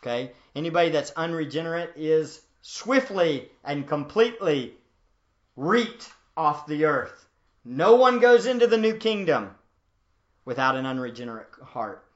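A man's voice: a little high, expressive, unhurried, lo-fi sound. A man preaching a verse-by-verse Bible teaching in a conversational way, often asking his listeners questions. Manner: conversational, asks the audience questions. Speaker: pastor.

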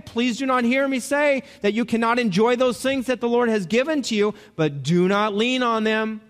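A man's voice: extremely high pitch, normal speed, few pauses, in a large hall. A man preaching a sermon to a congregation, talking in a conversational way and asking them questions. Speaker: pastor.

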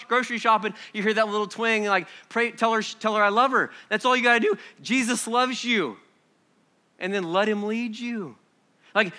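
Bright-voiced preaching man, loud to hushed. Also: sits high. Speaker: pastor. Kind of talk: sermon. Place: church hall before a congregation.

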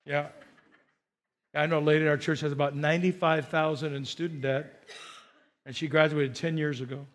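A man preaching in a church, his voice sitting high for a man. He is animated, repeats his phrases and keeps coaxing the congregation to answer back. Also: normal speed. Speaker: pastor. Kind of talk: sermon.

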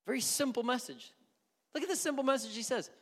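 A male pastor preaching a sermon in a church, animated and dramatic, sometimes dropping to near-whispers. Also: extremely high pitch, fast. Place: church sanctuary. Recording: long church reverb.

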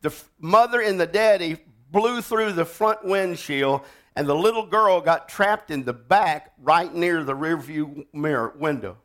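A man preaching a sermon, telling stories dramatically and swinging from loud to hushed. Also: fairly high pitch, a little slow. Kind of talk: sermon storytelling.

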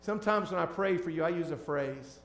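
A man preaching as a pastor, shifting between hushed, tender lines and loud, emphatic ones. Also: a little high, a little fast, echoey room. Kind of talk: sermon.

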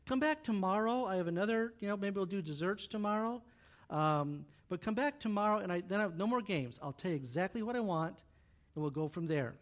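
Man putting on a quiet, lower coaxing young queen, hushed storytelling voice. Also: animated, fairly quick. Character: pleading young queen, soft and gracious.

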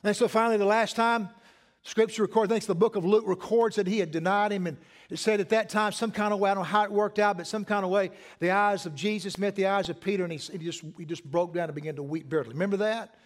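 A man's voice: high-pitched, fairly even intonation, quick pace. A middle-aged man preaching a sermon as pastor, conversational, repeating phrases and asking the congregation questions.

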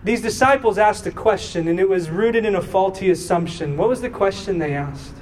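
Animated man preaching a sermon. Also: high-pitched, a little fast. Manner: animated, acts out voices in his stories. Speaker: pastor. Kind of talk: sermon with personal storytelling. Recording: distant mic with faint room noise.

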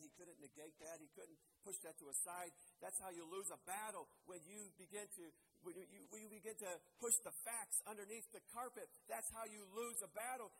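A male pastor preaching a sermon with passion, swinging from loud, emphatic lines to hushed ones and repeating key phrases for weight. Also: high-pitched, background noise.

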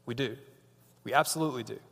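A man's voice: mid-range voice, quick pace, vocal fry, fairly bright tone. A man in his thirties giving a casual, joking sermon as a youth pastor, chatty and often breaking off mid-sentence. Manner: chatty, joking, self-interrupting. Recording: long reverb of a large hall.

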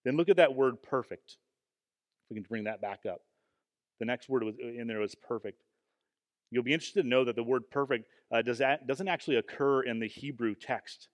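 A man preaching a sermon in an earnest, emphatic way, often pausing with fillers and restarting his phrases. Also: mid-range voice. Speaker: pastor. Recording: long hall reverb.

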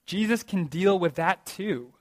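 A pastor preaches his sermon in a reverberant hall with earnest emphasis and rhetorical questions. His voice is high-pitched and a little mellow, with lively intonation, and he speaks a little slowly.

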